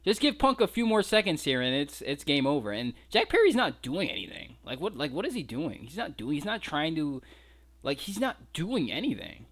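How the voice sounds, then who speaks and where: A man's voice: on the high side, wildly swooping pitch, normal speed, fairly bright tone. A man giving a casual, incredulous breakdown of fight footage, mocking and swearing freely. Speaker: wrestling commentary vlogger.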